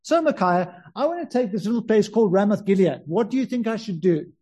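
A man's voice: high-pitched, animated, a little fast, mellow, breathy edge, voice pushed up. A man voicing a proud, scheming male king who speaks with sarcasm. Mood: sneering.

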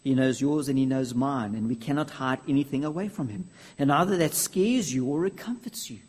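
A man preaching a sermon earnestly, dropping to soft near-whispers and rising to loud declaiming. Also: mid-range voice, fairly quick, slightly rough.

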